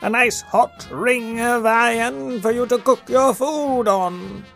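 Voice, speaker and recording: A man voicing a small, prim male dragon who makes hats, speaking slowly and politely with a clipped, grudging manner. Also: very high voice, vocal fry, a bit bright, soft background music, voice pushed up, heavily acted. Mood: prim shopkeeper.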